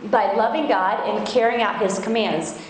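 A middle-aged woman from Iowa giving a devotional Bible talk at a women's conference, speaking earnestly and slowing down to read verses. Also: medium pitch. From Iowa, United States. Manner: earnest, emphatic, reads verses slowly; self-described feisty. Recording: very echoey hall, faint noise.

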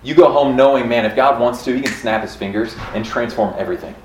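A man in his thirties from Kansas giving a casual, earnest church talk, chatty and quick to laugh, often restarting his sentences. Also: mid-range voice, slight background noise. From Kansas, USA. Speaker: church speaker teaching on revival history. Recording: roomy echo, faint room ambience.

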